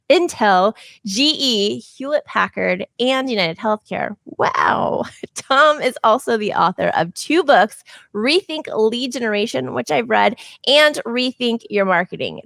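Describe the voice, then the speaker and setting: A woman's voice: a little high, vocal fry, a bit bright, dry recording. A woman hosting a podcast, chatting in a bubbly, casual way and laughing often. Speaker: podcast host. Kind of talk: casual interview chat.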